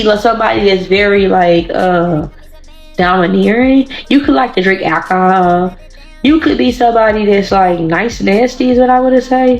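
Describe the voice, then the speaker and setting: Woman, hoarse voice, casual tarot reading, blunt and profane, rambling, echoey room. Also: medium pitch, a little mellow. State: hoarse, voice partly gone. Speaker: tarot card reader. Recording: roomy echo.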